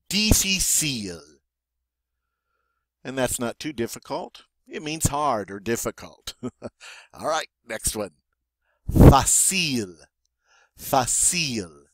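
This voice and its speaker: A man works through a French vocabulary list at an unhurried pace, saying each word twice before explaining it in English. He slips in dry jokes. The sound is dry and close, with no room echo. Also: medium pitch, bright, forceful tone. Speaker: French teacher. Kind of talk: classroom vocabulary lesson.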